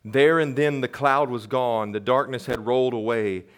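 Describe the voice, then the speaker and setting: A middle-aged male pastor delivering a sermon, reading a quoted testimony. He speaks in a measured way and often swells to loud emphasis. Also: medium pitch, steady tone, clean tone.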